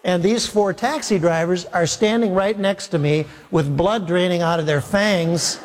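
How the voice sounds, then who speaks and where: A pastor tells a sermon story with a wry, self-mocking humor and plays every part in the exchange himself. His voice sits a little high for a man. The sound rings out with the long reverb of a large hall. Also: unhurried, a little hiss or hum. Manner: animated, self-mocking storyteller acting out dialogue.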